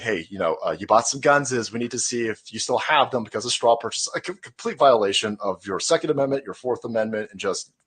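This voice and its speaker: A man's voice: medium pitch, a bit bright, husky. A man doing sarcastic, comedic commentary over a video, mocking the people in it. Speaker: commentator in a played clip.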